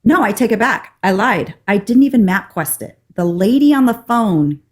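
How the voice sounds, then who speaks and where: Woman telling an animated story. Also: medium pitch, moderate pace. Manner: animated, acts out the people in her story. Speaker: podcast co-host. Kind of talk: casual storytelling chat.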